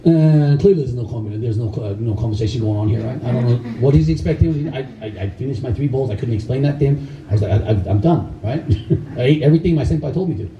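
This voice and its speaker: A middle-aged man who is a karate instructor, telling animated stories to a live audience, laughing often and acting out the people he quotes. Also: mid-range voice, fast, lo-fi sound, a little hiss or hum. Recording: echoey room, voice far from mic.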